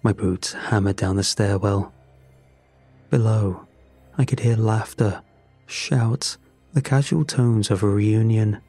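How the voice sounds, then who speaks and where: A man narrating a first-person horror story in a measured, grim way. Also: lowish voice, steady tone, mellow, faint music behind.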